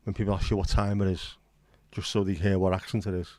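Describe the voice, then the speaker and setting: Low-voiced, sweary livestream host. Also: male voice, flat delivery, fast talker, warm tone, no room sound. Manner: chatty, swears freely, self-deprecating. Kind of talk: casual chat.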